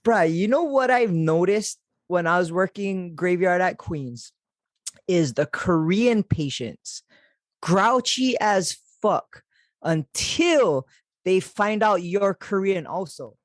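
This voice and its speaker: A man's voice: sits high, animated, takes it slowly, no room sound, studio quality. A man hosting a podcast, chatting in a laid-back, slangy way and laughing often. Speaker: podcast host. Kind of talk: casual chat.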